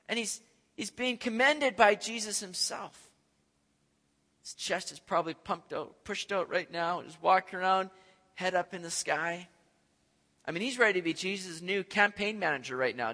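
A man preaching a sermon, animated, acting out scenes and swinging from loud to soft. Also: high-pitched, moderate pace. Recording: echoey hall.

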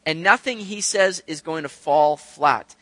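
A man preaching a sermon in a conversational, animated way, asking rhetorical questions and acting out the voices he quotes. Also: a little high, unhurried, no echo. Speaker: pastor.

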